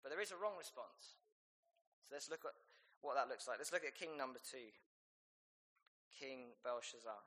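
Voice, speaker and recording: A man preaching a sermon, reading scripture aloud and rising to loud, emphatic peaks. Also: mid-range voice, expressive, moderate pace, pauses often. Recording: long hall reverb.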